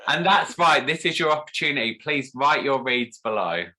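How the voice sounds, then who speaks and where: A man's voice: medium pitch, animated, moderate pace, bright, forceful tone. A man hosting a casual interview, playful and teasing with his guest. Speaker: host.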